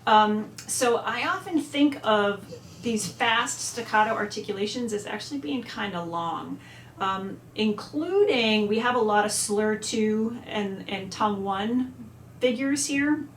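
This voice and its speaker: A woman at middle pitch walks through an instrument lesson in a chatty way, now and then singing short phrases out on syllables. The room is echoey, with faint ambience behind her. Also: a little slow, slight background noise. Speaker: music teacher.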